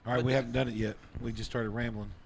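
A man's voice: mid-range voice, little pitch movement, quick pace, music in the background. A man hosting a podcast, rambling and swearing through casual banter in a garage. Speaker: podcast host. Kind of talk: casual chat.

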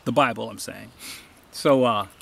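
His voice is lowish, creaky and fairly bright, and he takes his time, with a little background noise audible. He's a hiker vlogger on an outdoor trail, recording on a handheld camera as he tells rambling stories and adds emphatic asides and advice.

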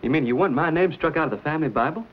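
A confident frontier adventurer who talks plainly and with a dry wit. His pitch moves a lot as he banters. The sound is muffled and lo-fi, like an old TV soundtrack. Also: lively intonation, very fast, slightly rough. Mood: wry. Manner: plain-spoken, dry, wry. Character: confident young frontier hero, a wealthy planter. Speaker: narrator. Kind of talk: 1950s TV western acting. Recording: dull lo-fi 1950s TV soundtrack.

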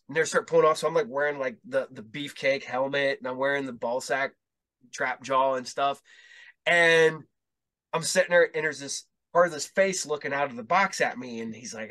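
A man's voice: medium pitch, pushed and bright. A male podcast host telling rambling, profane stories in casual chat, acting out the dialogue as he goes.

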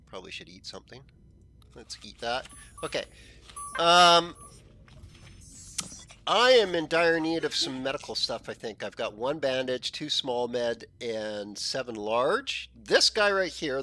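A man hosting a gaming channel, chatting casually as he plays, thinking aloud and often clearing a frog in his throat. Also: medium pitch, sharp tone, slight background noise. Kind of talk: casual gameplay commentary.

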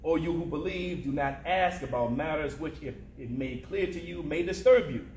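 A man voicing a pious older woman traveler who answers only in scripture, in a calm, measured recitation. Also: fairly high pitch, a little hiss or hum, natural voice. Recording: roomy echo.

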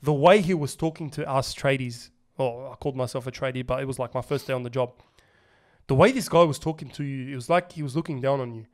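A young Australian man hosting a podcast, telling a story in animated, slangy casual chat full of swearing. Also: mid-range voice, fast talker. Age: young adult. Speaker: podcast host.

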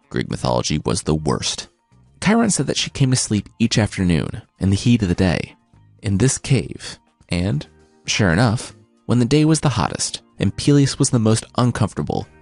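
Wry deep-voiced male storyteller. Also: creaky, dry recording. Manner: wry, deadpan asides. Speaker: podcast host and narrator. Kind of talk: comic mythology storytelling.

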